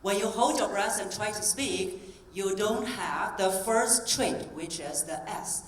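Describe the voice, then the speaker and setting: A woman voice coach giving a live stage talk, coaching the audience through breathing exercises in a clear, encouraging tone. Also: mid-range voice, measured pace. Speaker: voice coach and keynote speaker. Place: convention hall stage. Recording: roomy hall sound from a distance.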